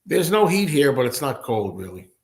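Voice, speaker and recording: A man of middle pitch hosts a casual solo livestream and responds to viewer comments. He rambles and thinks aloud, and laughs easily. He sits indoors at a table with his laptop. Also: sing-song, moderate pace. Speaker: host.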